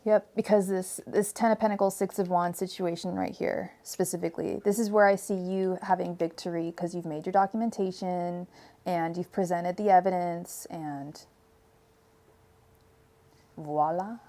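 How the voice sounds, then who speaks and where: A woman's voice: fairly low pitch, steady tone, normal speed, dark tone. A young woman hosting a tarot-reading livestream, chatting casually with lots of fillers and giggles. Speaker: tarot reader livestream host.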